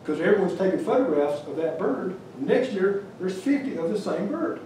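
A man's voice: high voice, big pitch swings, moderate pace, dark tone, a little hiss or hum. A man giving a humorous, rambling storytelling lecture about his carving at a museum, with many restarts. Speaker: wildlife carver giving a talk. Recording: echoey room, mic far off.

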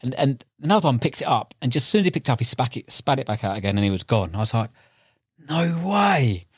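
A man's voice: medium pitch, rapid-fire, slightly rough, no echo, clean studio sound. A young man, a podcast guest and carp angler, telling fishing stories in casual chat, full of slang and acted-out quotes. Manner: animated, acts out quotes, frequent fillers and slang.

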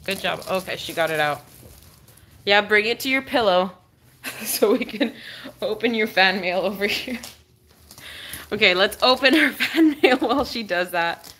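A young woman hosting a casual livestream, cooing and encouraging her dog and swinging up high when she praises it. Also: fairly bright tone, slight background noise.

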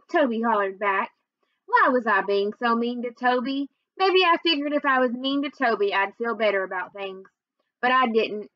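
A woman with a fairly high voice reading a children's novel aloud, telling the story with expression. The sound is dry and close, with a dull, muffled top end. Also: normal speed, no echo. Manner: expressive storytelling, first-person narrator. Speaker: reader.

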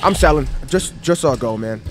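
A man streaming a horror game, talking excitedly to his chat with lots of slang. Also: fairly high pitch, moderate pace. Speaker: gaming streamer. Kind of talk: horror game let's play commentary. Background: game music.

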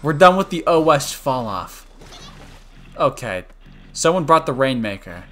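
A young man commentating his own online gameplay on a stream, joking and switching between loud outbursts and quiet mumbles. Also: medium pitch, very animated, a little slow, soft background music. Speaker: gaming streamer.

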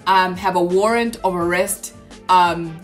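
Young woman doing a droning, officious scam caller guy, halting with ums, slow. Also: on the low side, steady tone, soft background music, close to an everyday voice. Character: bland scam caller man, pushy and droning.

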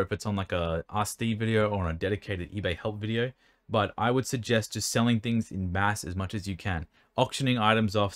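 A man's voice: fairly low pitch, no room sound. A man answering viewer questions about selling cards in casual chat, rambling and stumbling over words, his mouth dry and hiccuping. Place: indoor room by an air conditioner.

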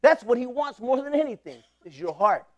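Man, 40s, pastor, high voice, fervent sermon with call-and-response. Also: very animated, fairly quick, highs cut off. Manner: impassioned preaching with call-and-response.

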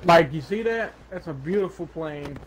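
A man's voice: a little high, lively intonation, normal speed, slight background noise. A man playing a video game and commentating, sarcastic and ranting, swearing often. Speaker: gaming channel host. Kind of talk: casual gaming commentary.

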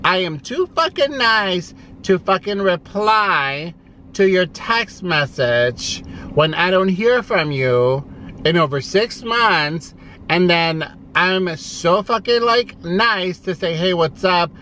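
A man's voice: high voice, lively intonation, slow pace, pushed and bright, slight background noise. A man vlogging from inside his parked car, ranting in a profane, sassy, exasperated way. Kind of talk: ranting vlog.

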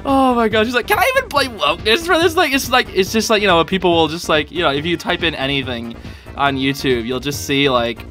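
A man's voice: on the high side, brisk, sharp tone, soft background music. A young man hosting a casual reaction video, laughing often and talking in loose slang full of fillers. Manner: giggly, filler-heavy slang talk.

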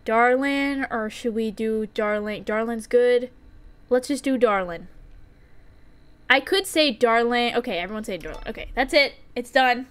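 A young woman live-streaming a farming game, chatty and excitable, often giggling and reacting out loud. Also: fairly high pitch, normal speed.

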